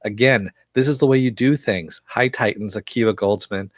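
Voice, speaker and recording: A low-voiced man rambles through an episode recap, swearing freely and filling pauses with "uh" and "you know." The sound is dry and close to the mic, with no room around it. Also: no room sound. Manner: loose, profane, chatty with frequent fillers. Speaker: show reviewer.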